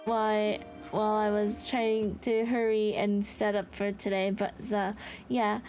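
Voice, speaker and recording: A woman streamer chatting excitedly with her live chat, bubbly and quick to laugh. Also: mid-range voice. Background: background music.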